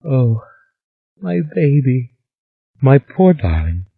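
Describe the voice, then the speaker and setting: A man's voice: lowish voice, measured pace, breathy edge, narrow, tinny audio. A male audiobook narrator voicing a distraught woman who screams and sobs. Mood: sobbing. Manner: frantic, choking. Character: desperate distraught woman, screaming then sobbing.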